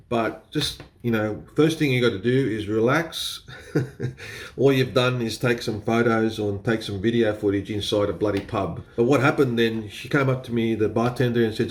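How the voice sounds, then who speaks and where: An Australian photography vlogger with a lowish voice talks to camera at normal speed in a casual, explainer style. He laughs often and swears a little.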